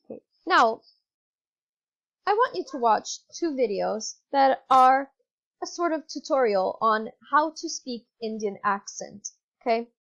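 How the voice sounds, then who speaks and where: A woman with an Italian accent leads a recorded online English lesson in a patient, instructive way, pausing on fillers and correcting herself. Her voice sits a touch high. The sound is dull and lo-fi, as from a laptop microphone. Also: lively intonation, fairly bright tone. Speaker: English teacher. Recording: dull lo-fi computer mic.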